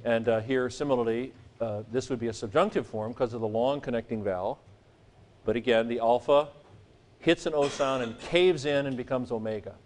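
A man lectures a class in a mid-pitched, everyday voice. He keeps it light and joking. To make a rule memorable he sings short vowel sounds. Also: moderate pace, slight background noise. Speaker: Greek teacher.

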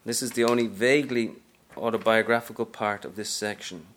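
A man's voice: lowish voice, fairly even intonation, brisk, few pauses, fairly bright tone, a little hiss or hum. A man from Ireland, an author making casual asides to the audience during a reading. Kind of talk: reading at a college event.

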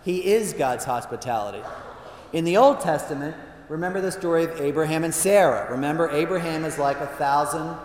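A man who is a priest, telling self-mocking stories in a chatty way with lively asides during a talk to an audience. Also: fairly high pitch, brisk. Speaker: Jesuit priest giving a talk. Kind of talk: humorous storytelling talk. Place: large hall with a live audience. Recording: echoey hall from a distance.

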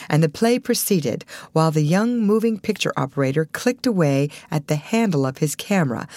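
A woman narrating a storybook in a steady reading manner. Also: sits low, no echo. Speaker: audiobook narrator. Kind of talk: scripted narration.

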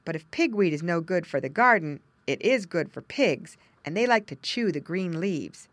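A woman narrating a children's storybook, with gentle asides explaining things to young listeners. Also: on the low side, lively intonation, normal speed, no echo. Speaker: audiobook narrator.

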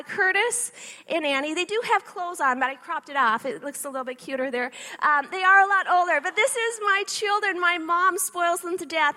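High, bright-voiced woman telling stories. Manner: animated storytelling with frequent "okay?" asides. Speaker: speaker addressing an audience. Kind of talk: faith-based motivational talk.

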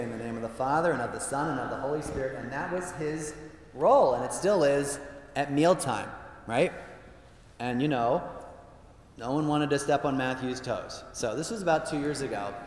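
A man, a priest, giving a humorous talk to an audience, telling stories with playful asides. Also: on the high side. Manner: playful storyteller with frequent asides. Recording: roomy hall reverb, faint background noise.

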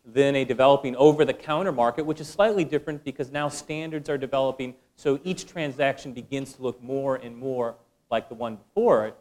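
A man's voice: medium pitch, steady tone, brisk, a little mellow. A man speaking as a panelist, laying out his points in a firm, structured way. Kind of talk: panel discussion.

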